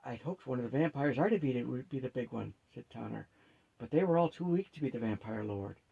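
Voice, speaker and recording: A man reading a fantasy novel aloud at a steady, unhurried pace, lightly shifting his pitch for each character. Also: creaky, breathy edge, narrow, tinny audio. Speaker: storyteller.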